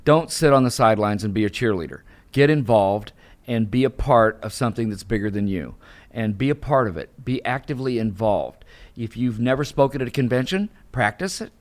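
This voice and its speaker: A man's voice: medium pitch, fairly quick. An older man, a guest and professional speaker, telling a story in an interview and acting out the dialogue. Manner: animated storyteller, acts out dialogue.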